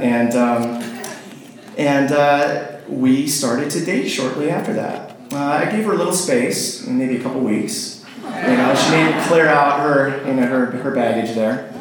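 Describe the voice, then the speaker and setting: A man with a mid-range voice and a measured pace tells a rambling personal story full of fillers and restarts, often laughing. He acts out phone calls in quoted voices, and the recording is from a very echoey room with faint noise.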